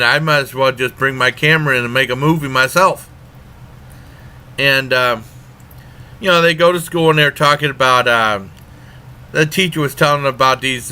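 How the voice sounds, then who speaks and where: Blunt rambling man with a bright voice. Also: mid-range voice. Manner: blunt and rambling, with frequent fillers. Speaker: movie reviewer. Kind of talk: casual spoken movie review.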